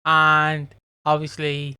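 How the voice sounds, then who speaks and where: A man's voice: a little high, completely flat delivery, slow pace, bright, forceful tone, clear, resonant tone, no room sound. A man co-hosting a podcast, chatting casually about a soap episode, swearing freely and acting out the characters' lines. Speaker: podcast co-host.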